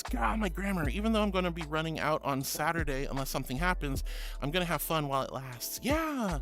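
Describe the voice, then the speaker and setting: A male VTuber streamer reading out chat messages and thanking viewers in a gentle, affectionate way, calling them honey and sweetie. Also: fairly high pitch.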